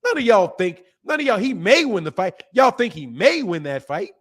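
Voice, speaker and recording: A man in his fifties hosting a boxing live stream, ranting at his chat in an animated, exasperated way. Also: high voice, normal speed. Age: 50s. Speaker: boxing channel host.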